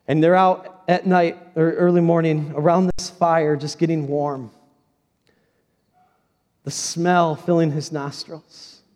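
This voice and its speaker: A man's voice: on the high side, a little mellow. Man preaching in a big reverberant church. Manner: dramatic storytelling, acting out quoted voices. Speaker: pastor. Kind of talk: sermon. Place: church sanctuary. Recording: large hall reverb.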